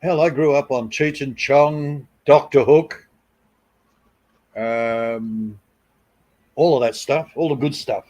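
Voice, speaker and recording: A man's voice: medium pitch, slow, a little mellow. A middle-aged man with an Australian accent, telling long rambling stories at home and swearing freely on a live stream. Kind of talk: casual storytelling.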